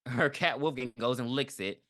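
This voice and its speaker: A woman's voice: rumbling low, moderate pace. A woman co-hosting a casual movie-review podcast, retelling the plot with a lot of energy, acting out lines and swearing freely. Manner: animated, acts out characters' lines, swears freely. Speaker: podcast co-host. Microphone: podcast mic.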